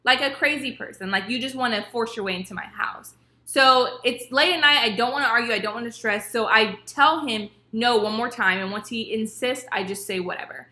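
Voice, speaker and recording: A young woman vlogger telling a personal story in casual, animated storytime style, acting out what others said. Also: a little high, brisk. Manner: animated, acts out quotes of others. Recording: echoey room.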